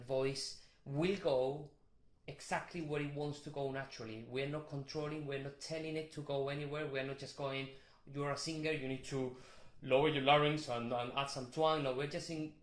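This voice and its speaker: A man teaching a vocal warm-up, explaining technique with restarts and short sung demonstrations. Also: mid-range voice, reverberant. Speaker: vocal coach.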